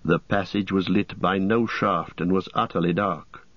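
A man reading an audiobook in a steady, measured narration. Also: sits low, no room sound. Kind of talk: scripted narration. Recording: dull lo-fi cassette.

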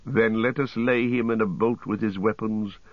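A man voicing a weary, grim male ranger and leader, speaking gravely. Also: lowish voice, fairly even intonation, normal speed, no room sound, highs cut off, voice pushed up, close to an everyday voice.

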